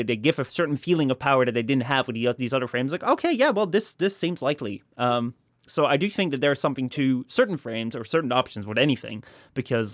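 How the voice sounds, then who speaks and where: A man chatting casually as a podcast guest, rambling with many fillers and restarts and slipping into high mock voices. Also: dry recording, studio quality.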